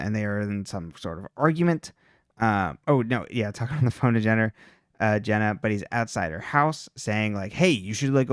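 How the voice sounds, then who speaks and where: A man's voice: medium pitch, smooth, no room sound, clean studio sound. A man co-hosting a podcast, recapping TV episodes in a loose, chatty way with lots of "like" and "um". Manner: loose and chatty, full of "like" and "um" fillers. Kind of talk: casual recap chat.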